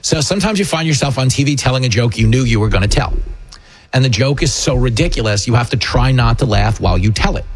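A man hosting a talk show, ranting with sarcastic, animated, mocking political commentary. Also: medium pitch, quick pace. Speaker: radio host and comedian.

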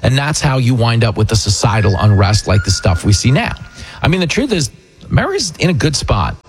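Speaking fairly quickly with big swings in his medium-pitched voice, a man hosts political talk radio. His opinionated monologue turns combative and sarcastic, and he throws in mocking impressions.

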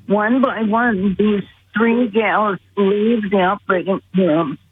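A woman's voice: medium pitch, steady tone, takes it slowly. A woman caller earnestly and vividly recounting a personal story. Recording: tinny phone line with faint hiss.

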